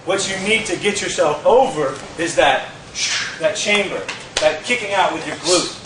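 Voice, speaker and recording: High-voiced man teaching in an echoey gym. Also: moderate pace, noisy background. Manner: lively, demonstrative, with sound effects. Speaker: martial arts instructor. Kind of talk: casual instructional demonstration. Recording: echoey gym from far off with crowd.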